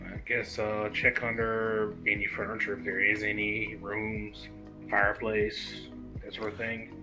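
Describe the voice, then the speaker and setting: A man's voice: fairly low pitch, completely flat delivery, measured pace, over music, low-quality recording. A man playing in a tabletop game, chatting casually and a little hesitantly. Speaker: player.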